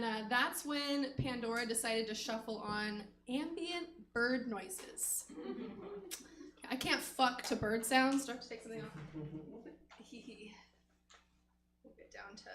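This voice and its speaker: Giggly high bright-voiced woman comic. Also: a little hiss or hum. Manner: frank, giggly, self-deprecating storytelling. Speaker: stand-up comic. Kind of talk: stand-up set. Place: comedy theater stage. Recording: echoey stage room.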